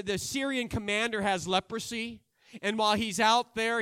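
A man preaching a sermon, acting out Bible characters' lines and swinging between loud and quiet delivery. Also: sits high, dry recording, studio quality.

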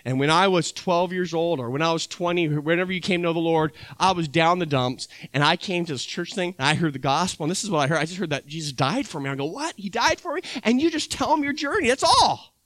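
Pastor, man, high bright voice, chatty preaching style, dry sound. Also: fast talker, hardly any pauses, no room sound. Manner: conversational, acts out little dialogues. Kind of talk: sermon.

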